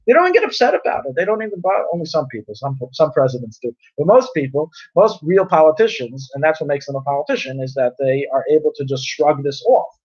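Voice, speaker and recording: A man's voice: a little high, expressive, fast talker, few pauses, a little mellow. A man teaching a conversational Torah class, explaining with everyday examples and often repeating and restarting his phrases. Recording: dull lo-fi recording.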